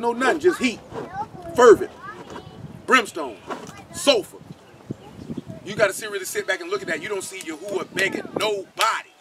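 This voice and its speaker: Fast, high-voiced blunt male Bible teacher. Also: noisy background. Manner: blunt, slangy, fires rhetorical questions. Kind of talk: informal scripture teaching.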